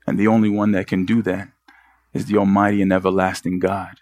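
A man's voice: deep voice, level tone, a little fast, a little mellow, no room sound. A man preaching a sermon as pastor, pressing the congregation with earnest rhetorical questions.

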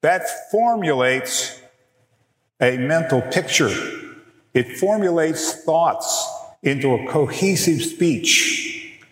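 A middle-aged man teaching a biblical counseling workshop, speaking in a slow, deliberate and emphatic way. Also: fairly high pitch, lively intonation, fairly bright tone. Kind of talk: teaching a workshop session with slides. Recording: echoey hall, long reverb.

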